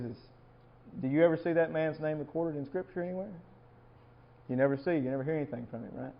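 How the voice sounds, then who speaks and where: A man giving an informal Bible lesson as a lay preacher, talking conversationally and asking the room questions. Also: medium pitch. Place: church or coffeehouse meeting room. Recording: dull lo-fi live recording.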